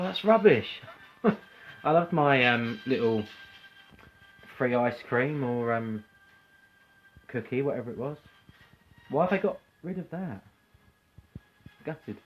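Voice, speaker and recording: A man's voice: medium pitch, highs cut off. Chatty guy rambling live. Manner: chatty and rambling, with frequent ums and self-corrections. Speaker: vlogger hosting a live stream. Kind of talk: casual live-stream ramble.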